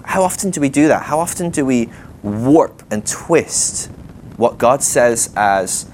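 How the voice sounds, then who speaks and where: A man giving a sermon in a loose, conversational way, animated and thinking aloud with fillers and quick laughs. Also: medium pitch, slight background noise. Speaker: preacher. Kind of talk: sermon teaching.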